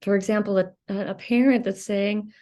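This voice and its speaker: Female host, reflective solo talk; hesitant, frank, pauses often, blunt when angry. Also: medium pitch, steady tone, a little mellow. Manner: candid, hesitant, many ums, swears when angry. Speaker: video host sharing recovery experience. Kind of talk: reflective personal monologue.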